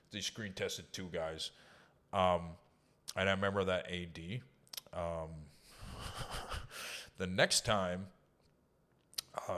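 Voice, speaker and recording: A man's voice: low-pitched, fairly bright tone. A man, a guest on an interview show, telling casual, profane, rambling stories with lots of fillers. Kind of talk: casual storytelling.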